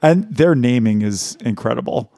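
A man's voice: medium pitch, lively intonation, normal speed, vocal fry, dark tone, no echo, studio quality. A man co-hosting a casual podcast, chatting with friends, laughing often and rambling through restarts while reading reviews aloud. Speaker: podcast co-host.

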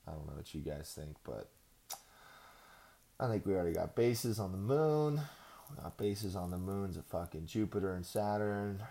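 A man's voice: deep voice, lively intonation, moderate pace, vocal fry, dark tone. A man hosting a podcast, ranting casually in a profane, sarcastic, rambling way. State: out of breath. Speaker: podcast host.

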